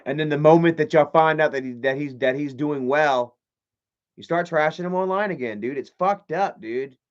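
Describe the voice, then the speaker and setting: A man talking on a casual livestream in a profane, animated, mocking way. His voice sits a little high for a man. The audio is muffled and lo-fi. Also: normal speed. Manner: profane, animated, mocking, reads chat aloud. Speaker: live streamer.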